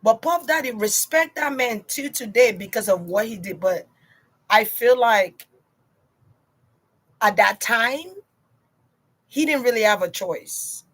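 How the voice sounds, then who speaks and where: Woman host, livestream reader, slangy and chatty with her audience, slightly raised pitch. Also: lively intonation, slow pace, long pauses, a bit bright, husky. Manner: chatty, slangy, talks to viewers directly. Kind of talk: casual livestream chat.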